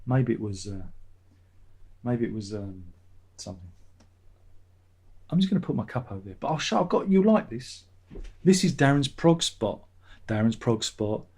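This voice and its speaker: A man's voice: mid-range voice, animated, normal speed, pauses often, darkish tone, breathy edge. A man hosting his own vlog, chatting in a meandering way and swearing casually. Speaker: vlogger, channel host. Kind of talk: rambling casual chat.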